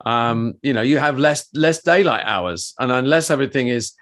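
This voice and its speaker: A man's voice: medium pitch, animated, moderate pace, fairly bright tone. A middle-aged man co-hosting a podcast, telling anecdotes in a casual, rambling way with many restarts. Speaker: podcast co-host and performer.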